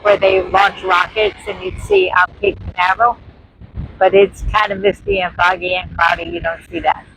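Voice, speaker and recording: Chatty and friendly toward her viewers, a woman with a New York accent vlogs on a handheld phone while walking a windy beach. Her low-ish voice moves little in pitch, keeps a moderate pace, and sounds fairly bright, though the audio is poor and faint wind and surf come through.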